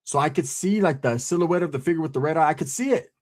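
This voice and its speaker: A man casually telling a scary camping story, animated and profane, full of street slang and a constant "right?". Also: fairly high pitch, fast talker. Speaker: podcast host telling a story.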